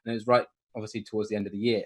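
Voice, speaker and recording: A young man, co-hosting a casual podcast, relaxed, laughing often and trailing off. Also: fairly low pitch, rapid-fire, slightly rough. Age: young adult. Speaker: podcast co-host. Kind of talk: casual chat.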